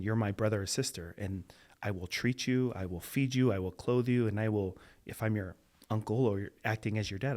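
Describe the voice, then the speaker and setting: A man who is a guest and a political candidate, giving calm, earnest interview answers. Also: on the low side. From Tongan family, raised in Utah.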